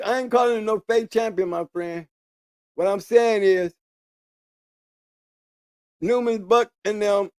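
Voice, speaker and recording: A man's voice: high voice, a little mellow, no room sound, studio quality. A man hosting a channel in a casual, rambling monologue, hammering points home by repeating key words. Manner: rambling with restarts. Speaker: channel host.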